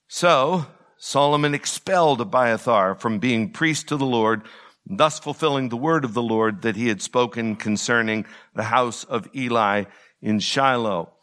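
A man's voice: mid-range voice, a bit bright. A man teaching through a Bible passage, asking rhetorical questions and paraphrasing the verses with emphasis.

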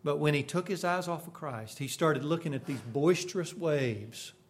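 A man preaching a sermon, swinging from sudden loud bursts to hushed, quiet lines. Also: on the high side, normal speed.

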